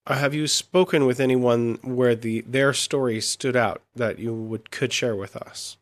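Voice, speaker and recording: A man of middle pitch hosts an interview. He asks his questions hesitantly, stopping and restarting as he goes. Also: fairly even intonation, unhurried. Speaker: host.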